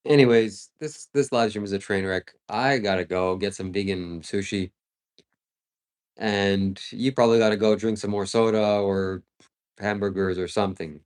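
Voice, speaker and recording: Man host, lowish voice, dry sarcastic teasing, casual stream talk. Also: steady tone, normal speed, clear, resonant tone. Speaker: livestream host. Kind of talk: casual livestream chat.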